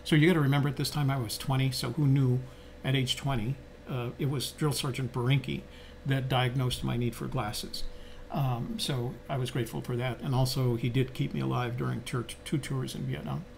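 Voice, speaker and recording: A man's voice: mid-range voice, steady tone, brisk, vocal fry, slight background noise. An older man co-hosting a podcast, telling stories in a reflective, conversational way with frequent fillers and restarts. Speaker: podcast co-host. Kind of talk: reflective storytelling.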